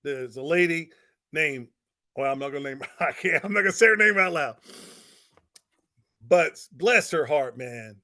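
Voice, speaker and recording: A man, a pastor, giving a motivational talk with energetic storytelling and repeated phrases for emphasis. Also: on the high side, normal speed, long pauses. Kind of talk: motivational talk to network marketers.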